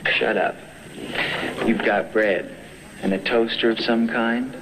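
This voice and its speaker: A man's voice: mid-range voice, steady tone, slow, natural voice. An actor playing a sarcastic, insistent restaurant customer arguing over his order. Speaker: restaurant customer in a film scene. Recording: old film clip with hiss.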